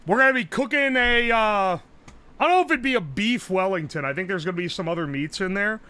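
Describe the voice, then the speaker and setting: A man streaming live, chatting casually, loud and profane, yelling nearly every phrase. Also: sits high, expressive, a little fast, clean tone. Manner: brash and profane. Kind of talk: casual livestream chat.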